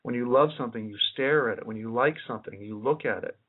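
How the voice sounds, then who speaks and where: A man's voice: mid-range voice, fast, husky. A man giving a rambling lecture as a researcher, musing aloud and often repeating and restarting his phrases. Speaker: independent researcher giving a presentation. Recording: tinny lo-fi recording.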